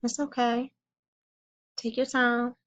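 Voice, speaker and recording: A woman playing a calm, caring counselor who gently comforts and reassures a young child in a role-played session. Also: a little high, slow pace. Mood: soothing.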